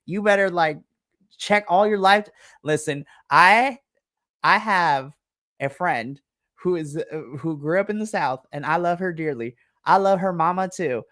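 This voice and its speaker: A woman's voice: fairly low pitch, measured pace, fairly bright tone, no echo, clean studio sound. A woman game master narrating a tabletop role-playing game, chatty and full of laughs. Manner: chatty, laughs often, uses like a lot.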